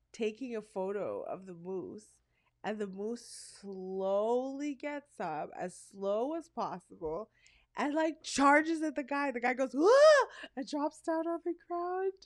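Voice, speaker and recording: A woman's voice: a little high, takes it slowly. Woman co-hosting a chatty podcast. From Canada. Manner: candid, animated storyteller who slips into voices. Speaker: podcast co-host. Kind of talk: casual chat.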